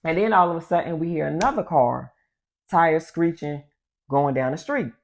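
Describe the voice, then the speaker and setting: A woman vlogger telling a personal story in a casual, animated way, talking straight to her viewers. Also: low voice, normal speed. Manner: animated, addresses the audience as y'all.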